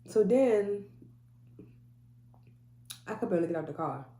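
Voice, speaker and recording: A woman's voice: mid-range voice, animated, measured pace, mellow. A woman telling a personal story to camera in an earnest way, acting out what others said. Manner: earnest, quotes people in dialogue. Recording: echoey room with faint hum.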